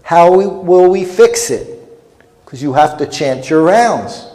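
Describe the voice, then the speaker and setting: A man's voice: on the high side, animated, slow pace, mellow. A man putting on the voice of an elderly male guru who speaks mildly and with a straight face, in a hall with long reverb. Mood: concerned. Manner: straight-faced, mild, practical. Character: calm elderly male guru, gently concerned.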